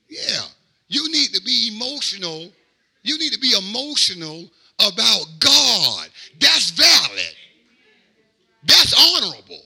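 A middle-aged man, a pastor, preaching a sermon in a rhythmic cadence that swings from quiet asides to shouted peaks. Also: very high-pitched, wildly swooping pitch, a little slow, vocal fry, slightly rough.

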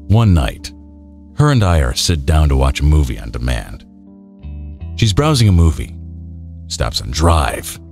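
A man reading an internet story aloud in a slow, brooding way. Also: very deep voice, darkish tone.

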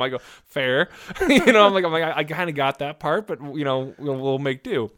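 A man's voice: on the high side, moderate pace. A man telling a long story in casual chat, laughing often and acting out what others said. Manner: laughing, animated storyteller who acts out quotes.

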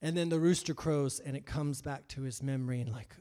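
A man preaching a sermon, acting out biblical figures in his own voice and moving between hushed asides and loud, emphatic lines. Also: mid-range voice, fairly quick, few pauses. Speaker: pastor.

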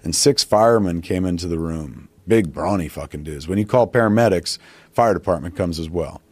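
A man's voice: low voice, moderate pace, darkish tone, no room sound. A man telling a long, profane anecdote in casual podcast talk, acting out the quotes as he goes. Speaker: podcast guest. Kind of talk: casual storytelling.

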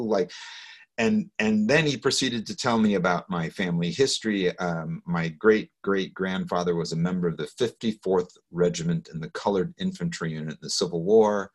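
A man's voice: low-pitched, slightly rough. A middle-aged man recounting a personal story in an interview, earnest and hesitant, over a video call. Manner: earnest, hesitant, with restarts and soft laughs. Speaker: guest speaker.

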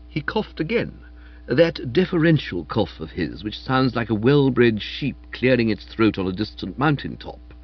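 A man narrating a comic story in the first person, in a lively, playful reading. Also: mid-range voice, measured pace, husky. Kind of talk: scripted audiobook narration. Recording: dull, muffled audio.

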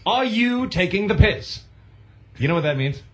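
A man's voice: high voice, lively intonation, moderate pace. A man co-hosting a radio show in a studio, teasing and playfully repeating words back. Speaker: radio co-host. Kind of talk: casual radio banter.

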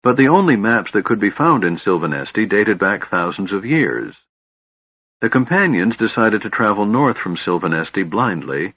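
A man reads fantasy narration in a steady, measured way. His voice sits low and slightly husky. The recording is dry and dull, with a muffled lo-fi quality. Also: no room sound. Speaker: audiobook narrator. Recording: dull, lo-fi sound.

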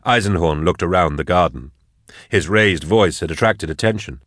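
A man narrates an audiobook at a measured, steady pace. His voice sits low and deep, and the recording is close and dry with no room sound. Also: no echo.

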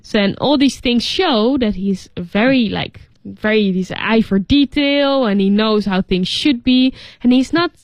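A woman's voice: fairly high pitch, measured pace, hardly any pauses, no echo. A woman co-hosting a radio lesson, reading story lines and explaining English words in a loose, chatty way full of fillers. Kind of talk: casual teaching chat. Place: radio studio.

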